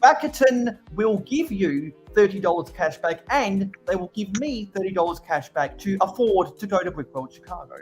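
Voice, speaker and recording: A man's voice: sits high, expressive. Guy hosting a live stream, stumbles and restarts a lot, faint music behind. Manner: halting, stammering restarts. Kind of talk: casual chat.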